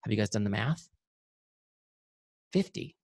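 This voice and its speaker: A man's voice: fairly low pitch, animated, a little slow, darkish tone, no echo. A man teaching an online sales training, emphatic and direct, often repeating key phrases and talking to the audience as "you guys.". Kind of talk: motivational webinar teaching.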